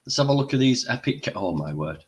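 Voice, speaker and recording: A man's voice: mid-range voice, big pitch swings, quick pace. An older man hosting a casual livestream, chatty and exclaiming, eating while he talks. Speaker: livestream host.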